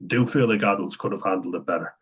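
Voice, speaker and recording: A man's voice: sits low, fast talker, breathy edge. A young man in a candid, profane personal monologue, talking frankly and conversationally. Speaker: vlogger. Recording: dull lo-fi sound.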